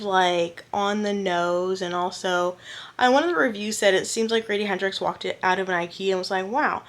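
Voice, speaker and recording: A young woman chatting casually on a book vlog at home, rambling and self-deprecating, recorded on a camera mic. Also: on the high side. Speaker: book vlogger. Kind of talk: casual chat.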